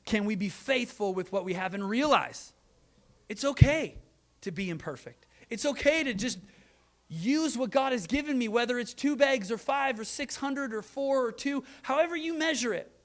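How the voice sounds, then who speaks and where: A man in his thirties preaching a sermon, earnest, moving between loud emphasis and quiet, soft asides. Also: very high voice, expressive, normal speed. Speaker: pastor.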